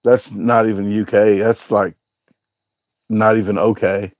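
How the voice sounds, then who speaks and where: A man's voice: lowish voice, little pitch movement, unhurried, dry recording, lo-fi sound. Rambling man hosting a livestream, dry sound. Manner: rambling, hesitant, with many filler sounds. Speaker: livestream host reading viewer chat. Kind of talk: casual live-stream chat.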